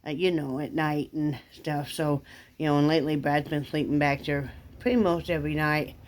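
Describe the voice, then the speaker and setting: A middle-aged woman with a low, deep voice chats casually to her viewers. She rambles in a homey, friendly way and drifts between topics. Now and then she breaks off to coo at her dog. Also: steady tone, normal speed, darkish tone. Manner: rambling, chatty, talks baby-talk to her dog. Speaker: vlogger. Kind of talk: casual chat to camera.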